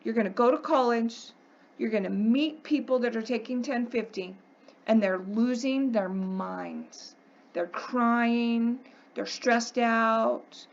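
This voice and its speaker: A woman teaches a math class in an emphatic, coaxing way, often pausing to ask "okay?". Her voice sits fairly high. The recording from the classroom is dull and lo-fi. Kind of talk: classroom lecture.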